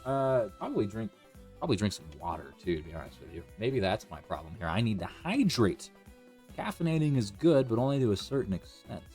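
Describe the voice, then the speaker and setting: A man's voice: brisk, soft background music. A young man streaming a video game, chatting and joking as he commentates, with a habit of goofy voices. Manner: chatty and jokey, with excited high outbursts; does goofy put-on voices. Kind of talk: live gameplay commentary.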